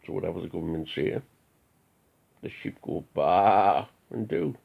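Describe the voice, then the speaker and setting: A man's voice: low-pitched, sing-song, moderate pace, gravelly. A man from an Odinist group giving a preachy, defiant rant full of rhetorical questions. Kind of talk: ranting monologue. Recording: tinny phone-like audio.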